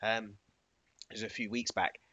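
A man's voice: fairly low pitch, level tone, normal speed, pushed and bright, breathy edge, dry recording. A young man co-hosting a casual chat. He rambles with lots of fillers and laughs often. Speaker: podcast co-host.

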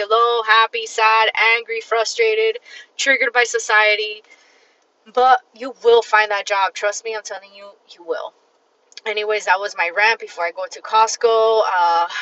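A woman hosts a casual solo podcast, tired but blunt and emphatic, swearing freely as she talks straight to the listener. Her voice is bright and forceful. The recording sounds dull and lo-fi. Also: a little high, no room sound. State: tired and fatigued. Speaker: podcast host.

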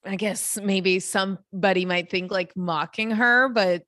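A woman co-hosts a casual podcast chat in a mid-pitched voice. She listens, agrees and thinks aloud in a reflective way. The recording is dry and close. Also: measured pace, fairly bright tone, dry recording. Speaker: podcast co-host.

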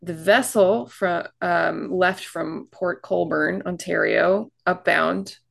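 Low creaky woman telling a story. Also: slow, fairly bright tone. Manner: chatty, reads facts with fillers and asides. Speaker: podcast co-host telling a shipwreck story. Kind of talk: casual storytelling podcast.

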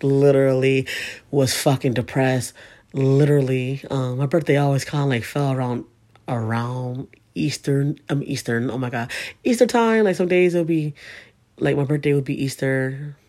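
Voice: medium pitch, a little mellow. A speaker telling a painful personal story in a casual, candid way, swearing often and speaking with emotion.

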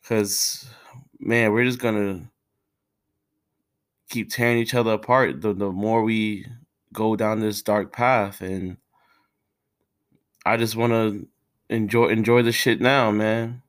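A man hosting a solo podcast from his room, tearful and halting, with sighs and restarts. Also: lowish voice, fairly even intonation. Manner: halting and emotional, with sighs, restarts and street slang. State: tearful, has been crying. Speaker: podcast host. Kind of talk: casual solo podcast talk.

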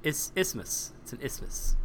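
Bright-voiced man, jokey podcast chat. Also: normal speed, a little hiss or hum. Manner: rambling, jokey, restarts often. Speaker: podcast co-host.

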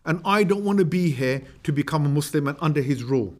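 A man's voice: on the high side, expressive, fast, darkish tone, close to an everyday voice. A man voicing a scheming middle-aged male Meccan envoy in a casual, slangy retelling. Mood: plotting.

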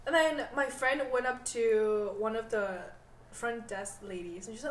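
A woman's voice: a little high, animated, moderate pace, reverberant, a little hiss or hum. An eighteen-year-old woman telling stories in a casual chat, exasperated and emphatic. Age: teens. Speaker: guest.

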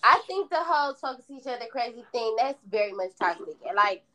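A woman in casual chat with a friend, blunt and animated, acting out the lines she quotes. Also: on the high side, brisk.

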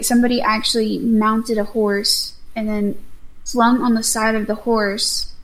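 A woman's voice: medium pitch, vocal fry, poor audio. A young woman chatting casually, rambling with many "like"s and "um"s. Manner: rambling, full of likes and ums. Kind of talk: casual chat.

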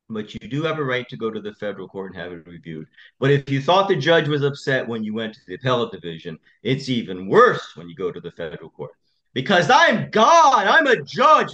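Impassioned male attorney, lively pitch. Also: muffled recording. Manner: impassioned, animated storytelling. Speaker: attorney, interview guest. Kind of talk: podcast interview.

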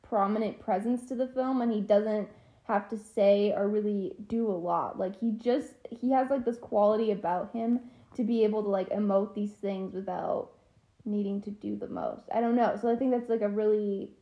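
A woman's voice: mid-range voice, fairly even intonation, normal speed, lo-fi sound. A young woman in her twenties from Kentucky, co-hosting a podcast in chatty, candid talk with frequent laughter. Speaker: podcast co-host. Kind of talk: casual chat.

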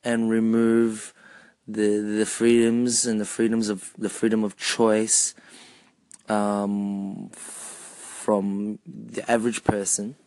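Slow, measured man, dry sound. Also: fairly low pitch, monotone, a little mellow, no echo. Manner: slow, measured, repeated rhetorical questions. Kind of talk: personal monologue.

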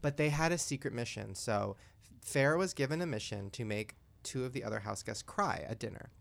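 Man, podcast host, crude gossipy storyteller, mid pitch, swooping delivery. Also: expressive, fairly quick, vocal fry, a bit bright. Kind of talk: casual chat.

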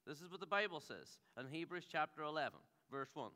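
Male pastor in his thirties, jokey rambling sermon, crisp bright voice, theatre hall reverb. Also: a little high, expressive, fairly quick. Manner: humorous, rambling storyteller.

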